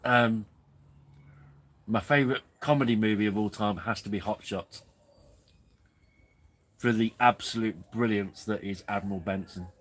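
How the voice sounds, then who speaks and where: A man's voice: lowish voice, unhurried, long pauses, fairly bright tone, poor audio. A man hosting a live camping stream, chatting casually in a rambling way and chuckling often. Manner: rambling, chuckling, easily amused. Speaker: camping livestream host. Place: outdoors at a campsite.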